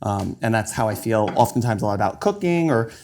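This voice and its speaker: A young man talks casually while he cooks. His voice sits on the low side, and he explains as he goes, with plenty of "like" and "um". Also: expressive, fairly quick, darkish tone, slight background noise. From New York. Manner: chatty, explaining as he cooks, many fillers like "like" and "um". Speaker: chef and cookbook author guest. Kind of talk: casual chat while cooking.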